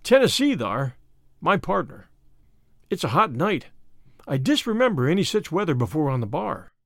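A man voicing a rough, earnest gold-miner pleading for his partner, in a slow, halting frontier dialect. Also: fairly high pitch, big pitch swings, a bit bright, no room sound, studio quality. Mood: earnest, apologetic.

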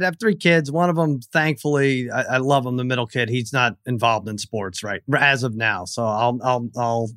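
A middle-aged man co-hosting a casual sports chat, telling an animated, rambling story full of restarts. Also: mid-range voice, no room sound, clean studio sound. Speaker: podcast co-host.

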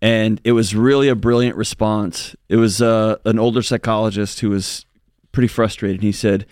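Calm earnest male radio co-host. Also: fairly low pitch, moderate pace, smooth, no echo, studio quality. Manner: calm, earnest, brief affirmations. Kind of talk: call-in radio advice talk. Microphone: studio microphone.

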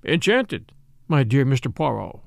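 A man's voice: medium pitch, sing-song, measured pace, creaky, no room sound, clean studio sound, pitched below the performer's own voice. A man voicing a police commissary who speaks in a soothing, apologetic and formal way in an audiobook.

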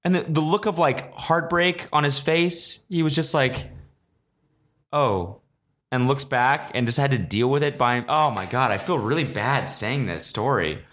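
A man's voice: mid-range voice, normal speed, hardly any pauses, a bit bright. A young man hosting a podcast, telling a story in a rambling, profane, self-mocking way, full of fillers. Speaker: podcast host. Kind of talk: casual solo storytelling.

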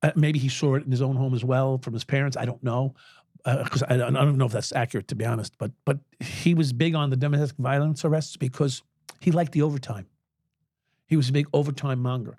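A man's voice: medium pitch, steady tone, fairly quick, darkish tone, no room sound. Older guy, ex-cop, telling war stories on a podcast, cusses a lot, chuckles, dead dry studio sound. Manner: blunt, swears freely, chuckles through stories. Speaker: guest, former police officer. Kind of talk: candid conversational storytelling.

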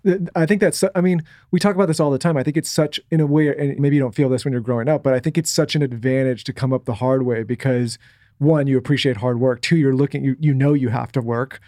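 A man's voice: mid-range voice, steady tone, quick pace, dark tone, no room sound, clean studio sound. A man co-hosting a podcast, chiming in earnestly with a reflective point, restarting his words as he goes. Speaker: podcast co-host. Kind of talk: casual podcast interview.

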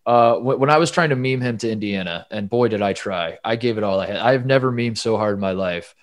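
A man's voice: on the low side, brisk. A man co-hosting a sports podcast in casual chat, rambling and poking fun at himself, with frequent stammers and restarts. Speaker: podcast co-host.

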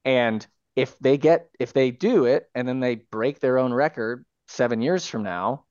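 A man's voice: mid-range voice, a little slow, a little mellow, clear, resonant tone, no echo. Man, guest co-host, enthusiastic, rambling, muffled lo-fi audio. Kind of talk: casual sports talk.

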